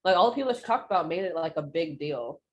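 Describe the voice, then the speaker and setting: A young woman with a fairly low voice co-hosts a casual podcast chat. She speaks earnestly and thoughtfully, dropping in quick quoted asides. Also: expressive, lo-fi sound. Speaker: podcast co-host.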